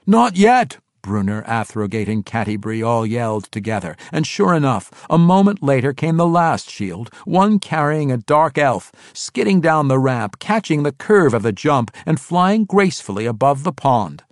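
A man narrates a story expressively, and his pitch rises and falls in an animated way. He is on a close studio mic with a dry sound and no room around it. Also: normal speed, hardly any pauses, no room sound. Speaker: audiobook narrator. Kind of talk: scripted narration.

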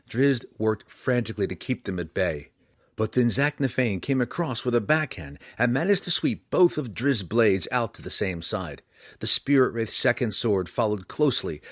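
A man reading a fantasy audiobook aloud, in a dramatic, lively way. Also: on the low side, no room sound, studio quality. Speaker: audiobook reader.

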